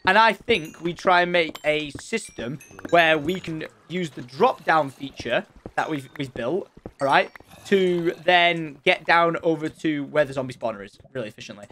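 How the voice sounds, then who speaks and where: A young man giving excited Let's Play commentary, chatting and thinking aloud as he plays. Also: fairly high pitch, normal speed, a little hiss or hum. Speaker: gaming channel host.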